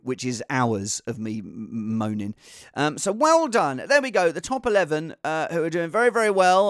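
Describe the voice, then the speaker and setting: A man hosting a casual fantasy football show, rambling and animated, with a self-mocking tone. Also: a little high, dry recording, studio quality. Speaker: host.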